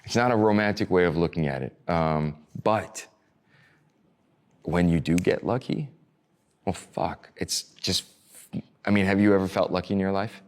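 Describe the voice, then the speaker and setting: Low-voiced rambling man talking casually. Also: moderate pace, long pauses. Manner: loose and rambling, swears, many fillers and restarts. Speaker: interview guest. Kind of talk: casual conversation.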